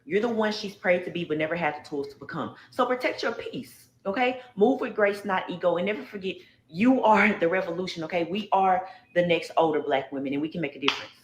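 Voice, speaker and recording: A woman's voice: fairly low pitch, a little fast, few pauses. A woman giving a motivational talk, speaking encouragingly to the listener as a sister. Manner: encouraging, addresses listener as sis. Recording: roomy clip with faint noise.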